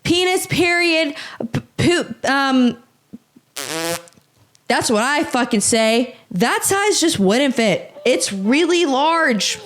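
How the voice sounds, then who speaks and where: A young American woman hosting a podcast, reading posts aloud and reacting in an animated, exaggerated, swearing rant. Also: sits high, slow pace. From United States. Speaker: podcast host.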